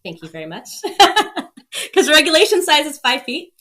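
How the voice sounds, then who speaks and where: Energetic woman, laughs a lot. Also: sits high, measured pace. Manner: energetic, laughs often, acts out quoted voices. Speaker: podcast guest. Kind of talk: casual storytelling.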